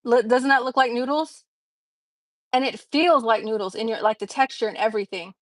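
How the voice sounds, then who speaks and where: A woman's voice: on the high side, fairly quick, dry recording. A woman hosting a casual livestream from her kitchen, chatting to viewers and laughing often. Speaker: livestream host.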